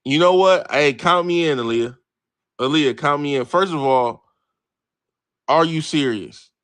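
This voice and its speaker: In an unhurried, fairly high voice with no room sound, a livestream host talks sports late at night. He's brash and animated, responding to chat messages and cursing freely throughout the casual banter.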